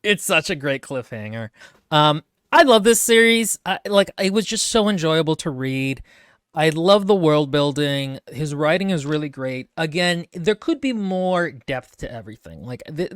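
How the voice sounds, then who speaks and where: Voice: mid-range voice, lively intonation, moderate pace, clean tone, dry recording, studio quality. A podcast co-host giving a rambling, laughing recap of a fantasy book series with many restarts. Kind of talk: casual book discussion.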